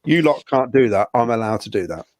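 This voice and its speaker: A man's voice: mid-range voice, animated, fairly quick, darkish tone, dry recording, clean studio sound. A man hosting a casual football fan podcast, chatty and laughing often. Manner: chatty, laughs often, reads listener comments. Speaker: podcast host.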